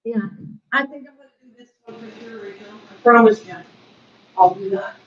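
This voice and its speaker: A woman's voice: on the high side, moderate pace. An older woman hosting a casual live stream from her home kitchen, chatting with viewers by name and laughing often. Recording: lo-fi stream audio.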